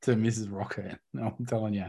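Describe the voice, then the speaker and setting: Husky bantering man. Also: on the low side, steady tone, brisk, warm tone. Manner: laughing, teasing banter. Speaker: podcast co-host. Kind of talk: casual chat.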